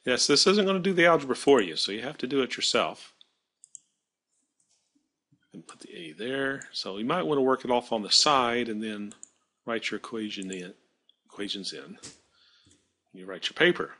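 Husky, lively-voiced man teaching on screen. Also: mid-range voice, normal speed, pauses often. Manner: thinking aloud while working, self-correcting. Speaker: math teacher. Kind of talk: screen-recorded software tutorial.

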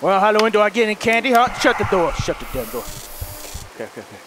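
A man's voice: high-pitched, very animated, quick pace, noisy background. A young man doing let's play commentary through a horror game, panicking, swearing and repeating himself. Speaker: gaming video host.

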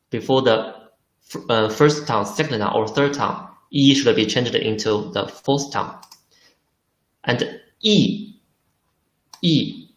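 A man teaching a beginner Chinese lesson in English, speaking slowly and repeating each word while asking the learners questions. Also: medium pitch, echoey room. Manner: slow and deliberate, repeating words, asks the learners questions. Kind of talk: slow spoken language lesson.

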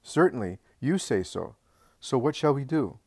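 A man's voice: mid-range voice, big pitch swings, moderate pace, darkish tone, breathy edge, no room sound, clean studio sound, pitched above the performer's own voice. A man reading as Peter, an earnest worried disciple. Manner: earnest, anxious questioning.

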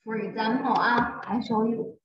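A woman teacher with a Chinese accent, explaining a lesson slowly and repetitively in a classroom, recorded from a distance. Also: on the high side, fairly even intonation. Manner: slow, repetitive, patient explaining. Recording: roomy, muffled, from far off.

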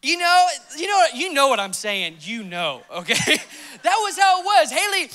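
A young man preaching a sermon, mixing scripture reading with an animated, laughing personal story. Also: very high voice, moderate pace. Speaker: pastor.

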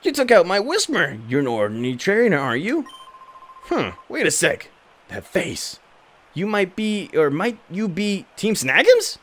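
Male doing a bullying video game thug, brash, high and taunting. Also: huge pitch swings, measured pace, fairly bright tone, full character voice. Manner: blustering, taunting.

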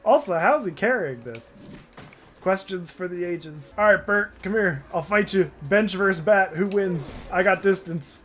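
Excitable high-voiced man streaming a game. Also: moderate pace, soft background music. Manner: excitable, crude jokes, frequent laughing and shouting. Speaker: gameplay streamer. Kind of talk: casual gameplay commentary.

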